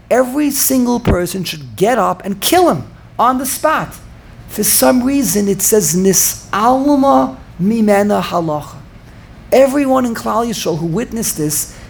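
A man giving an informal Torah class, thinking out loud and repeating phrases for emphasis while answering students. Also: high voice, creaky, a little hiss or hum. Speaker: Torah teacher.

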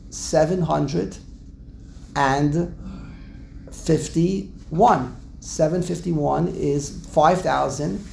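Male Torah teacher, gravelly and a bit high-pitched, rambling classroom delivery. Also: a little mellow, slight background noise. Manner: digressive, repeats words, restarts often.

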